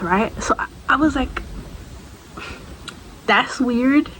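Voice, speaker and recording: A woman's voice: high-pitched, takes it slowly, fairly bright tone, slight background noise, poor audio. A young adult woman chatting casually to the camera, telling a personal story in a rambling way, with asides to the viewer. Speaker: storytime vlogger.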